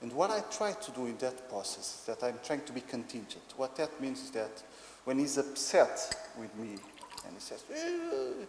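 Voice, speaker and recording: A man's voice: mid-range voice, lively intonation, moderate pace. A man with a Portuguese accent giving a conference lecture, explaining hesitantly with many ums. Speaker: conference speaker. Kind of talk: academic lecture. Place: conference hall. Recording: echoey hall with faint noise.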